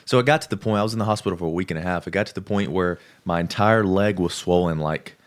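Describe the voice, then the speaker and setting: Deep-voiced man telling a story. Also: fast talker. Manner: lively, acts out the people he quotes. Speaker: podcast guest. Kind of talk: casual storytelling.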